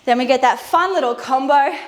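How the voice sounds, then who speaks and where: A fitness instructor with a high-sitting, brisk voice guides a dumbbell workout in an indoor studio. Breathing hard while she exercises, she calls out the moves and keeps the encouragement upbeat.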